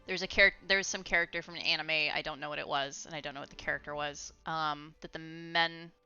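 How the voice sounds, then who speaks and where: A young woman streaming from home, chatting casually and rambling while she plays a game, quick to laugh. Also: low-pitched, fairly even intonation, sharp tone, clear, resonant tone. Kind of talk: casual gaming stream chat. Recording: slightly muffled, faint music behind.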